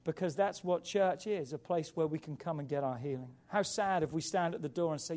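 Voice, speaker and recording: A man preaching a sermon as pastor, with emphatic rises and quiet drops. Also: a little high, fairly quick.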